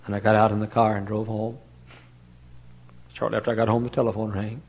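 An older man preaching a sermon, swinging from loud impassioned cries to hushed, tender storytelling. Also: fairly low pitch, little pitch movement, brisk, breathy edge. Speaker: pastor. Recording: dull lo-fi sermon recording.

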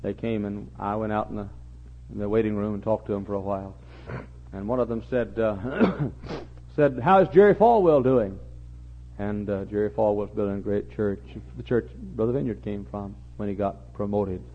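An older man preaching a sermon, repeating his phrases and building to impassioned, near-shouting peaks. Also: lowish voice, steady tone, normal speed. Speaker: pastor. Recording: muffled lo-fi recording.

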